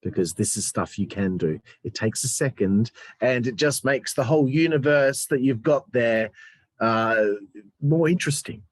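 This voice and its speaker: A man's voice: medium pitch, normal speed, no echo. Teasing man co-hosting a casual review. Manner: teasing, animated banter. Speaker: podcast co-host. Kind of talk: casual wrestling review chat.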